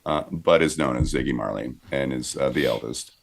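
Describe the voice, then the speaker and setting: Low-voiced podcast guy, lots of uhs, kinda halting while he reads out facts. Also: creaky. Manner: hesitant, many uh fillers. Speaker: podcast co-host. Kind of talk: casual comedy banter.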